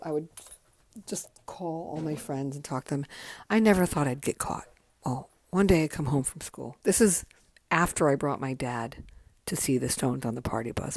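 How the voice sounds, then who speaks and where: A woman's voice: low voice, darkish tone. A woman in her fifties, a podcast host telling memories in a candid, chatty way with plenty of swearing. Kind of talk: casual memoir storytelling.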